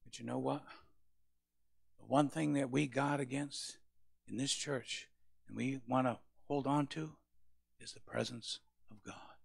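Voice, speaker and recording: A male pastor preaching a sermon, with passionate rises to loud peaks. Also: medium pitch, fairly even intonation, a little slow, creaky, pauses often, husky, dry recording, clean studio sound.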